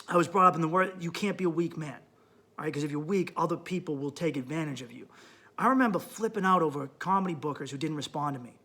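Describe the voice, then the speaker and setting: A man hosting a podcast and giving blunt, profane relationship advice in an emphatic monologue. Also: fairly high pitch. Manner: blunt, emphatic, swears a lot, swings up loud when worked up. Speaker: podcast host and comedian.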